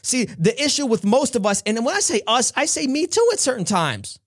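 High-voiced, earnest motivational speaker man. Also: fairly quick, no room sound, studio quality. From New York. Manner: earnest, preachy, laughing often, animated. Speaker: podcast host, motivational speaker. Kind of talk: motivational talk.

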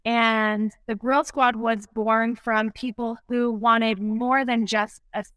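A woman's voice: on the high side, level tone, slow, fairly bright tone, smooth, dry recording. A woman founder of a barbecue brand, chatting casually in an interview and laughing often.

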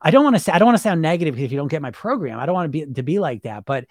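Middle-aged guy coach rambling casual, kinda high voice, dry close sound, lots of "you know what i mean". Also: sing-song, rapid-fire, darkish tone, no room sound. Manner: chatty, emphatic, repeats fillers, swears casually, laughs often. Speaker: weight-loss hypnosis coach. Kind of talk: casual monologue.

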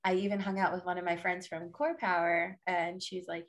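A woman's voice: lowish voice, little pitch movement, moderate pace, hardly any pauses. Emphatic woman, motivational, casual chat, young adult. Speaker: podcast guest, fitness coach.

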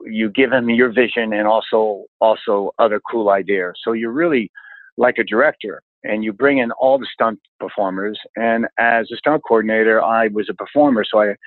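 A man in his sixties, a stunt coordinator telling lively stories in an interview, often exclaiming as he recalls events. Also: on the low side, no room sound. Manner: animated anecdotes, exclaims often. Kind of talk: storytelling interview chat. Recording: dry, tinny phone-like line.

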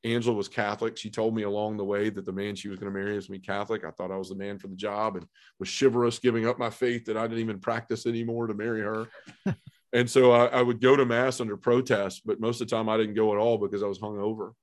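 Low-voiced man, earnest testimony. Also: level tone, quick pace. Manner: earnest, heartfelt storytelling with frequent fillers. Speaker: podcast guest. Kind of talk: personal testimony in a podcast conversation.

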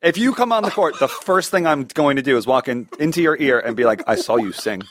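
Deadpan quipping podcast co-host man. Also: on the high side, a little hiss or hum. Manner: quick deadpan quips. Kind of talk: casual comedic chat.

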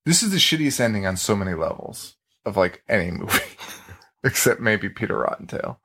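A man's voice: lowish voice, moderate pace. Laughing man recapping a movie. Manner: animated, laughing, acts out movie lines. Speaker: podcast host. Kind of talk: casual movie review chat.

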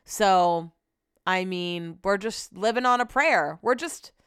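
A young woman hosting a podcast, chatting casually on her own and griping through animated stories. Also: medium pitch, takes it slowly, smooth, no echo, clean studio sound. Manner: chatty, animated, complaining storyteller. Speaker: podcast host. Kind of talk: casual solo chat.

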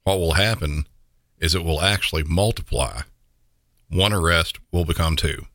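Man, very low voice, dry wry podcast narrator, dead close mic. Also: normal speed, a bit bright, dry recording. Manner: wry, dry-humored asides. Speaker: podcast host narrating police incidents. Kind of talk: scripted narration.

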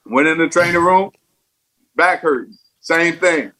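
A man's voice: on the high side, a little slow, pushed and bright, rough recording. A man and former baseball player, a podcast guest, telling stories emphatically and repeating phrases for effect. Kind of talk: casual podcast interview.

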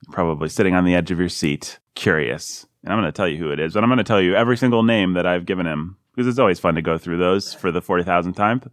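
A man's voice: sits low, racing, few pauses, dry recording, clean studio sound. A man hosting a casual book podcast, teasing his guests and laughing often. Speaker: podcast host.

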